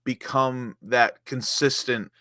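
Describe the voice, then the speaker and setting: A man with a medium-pitched voice, steady but bright and forceful, speaks slowly as a co-host in a casual football fan chat. He rates players passionately and emotionally, quoting stats, in clean studio sound with no room sound.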